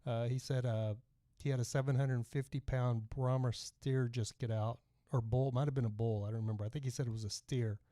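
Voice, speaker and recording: A man's voice: mid-range voice, fairly even intonation, a little fast, dark tone, no echo, clean studio sound. A middle-aged man with a light Texas twang, hosting a casual livestream podcast and rambling as he reads out viewer comments. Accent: Texan. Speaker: podcast host.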